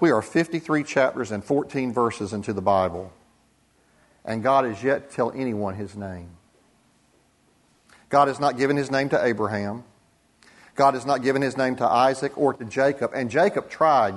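Deliberate male pastor preaching. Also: medium pitch. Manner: deliberate, with dramatic pauses and soft drops for emphasis. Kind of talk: sermon.

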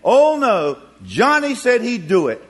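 A sly little girl with a lilt sounds sugary and innocent while she schemes, as a preacher puts her on in his own voice. The lines sing up and down and come unhurried. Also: extremely high pitch, huge pitch swings, a bit bright, pitched above the performer's own voice, heavily acted. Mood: sweetly scheming.

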